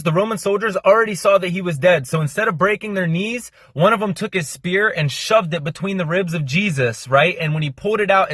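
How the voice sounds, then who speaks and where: A young man explaining a Bible story in a fast, casual, slangy monologue, cramming it in with lots of energy. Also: high-pitched, fairly bright tone, dry recording, studio quality. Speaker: Christian content creator.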